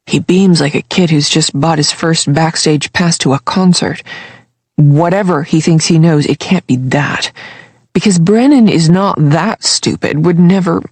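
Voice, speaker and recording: An audiobook narrator reading a first-person novel in a measured, wry storytelling manner, with a husky voice. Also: mid-range voice, a little mellow, no room sound.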